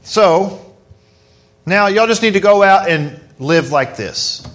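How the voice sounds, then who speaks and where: High-voiced, unhurried preacher man. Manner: emphatic, animated preaching. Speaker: pastor. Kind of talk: sermon.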